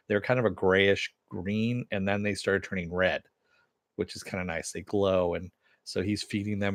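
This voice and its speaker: A middle-aged man with a lowish voice casually recaps a TV episode and reads chat comments aloud. He rambles with plenty of "uh"s and chuckles. The sound is dry and close. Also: dry recording. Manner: rambling, many fillers, chuckles often. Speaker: TV show reviewer.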